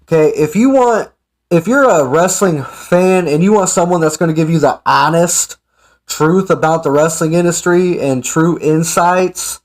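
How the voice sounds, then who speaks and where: A man's voice: fairly high pitch, unhurried. A man giving casual, sarcastic ranting commentary as an online commentator. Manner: sarcastic, mocking.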